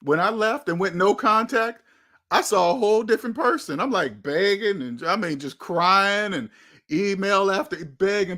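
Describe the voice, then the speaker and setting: A man's voice: high voice, expressive, moderate pace, sharp tone. A man, hosting his own channel and giving blunt, emphatic advice in a candid monologue, often repeating phrases for stress. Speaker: channel host.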